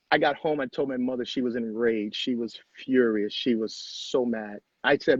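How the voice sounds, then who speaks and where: A middle-aged man speaks in a husky, somewhat high voice, telling his own story with earnest emphasis and repeated phrases. The sound is dry and close, with a dull, lo-fi home-recording quality. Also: expressive, unhurried, no room sound. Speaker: guest. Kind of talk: personal storytelling in conversation.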